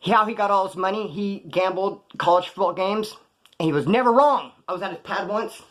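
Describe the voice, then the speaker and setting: Fast-talking man telling street stories. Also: high voice. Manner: street slang, animated, acts out quoted voices. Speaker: storyteller. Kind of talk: casual storytelling.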